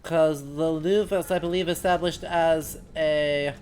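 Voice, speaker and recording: A man's voice: fairly high pitch, fairly even intonation, measured pace, darkish tone, a little hiss or hum. Rambling man streaming a game. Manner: musing, self-correcting, chatty with chat. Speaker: history streamer. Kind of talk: casual live gameplay commentary.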